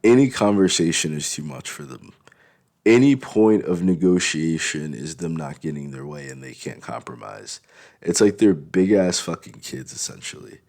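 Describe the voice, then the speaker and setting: A man's voice: a bass voice, gravelly, a little mellow. A man in a blunt, rambling, profane casual monologue for his vlog. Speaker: vlogger.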